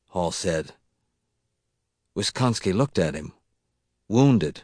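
A man narrates an audiobook in a measured, deliberate way. His voice sits low. The recording is dry, with little room sound. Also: lively intonation, no room sound.

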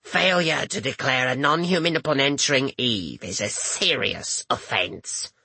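A man voicing a severe older woman clerk with a scratchy, rasping voice, speaking slowly and with a sneer. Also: medium pitch, sharp tone, no room sound, exaggerated voice. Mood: curt, scornful. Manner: slow, drawn-out, sneering.

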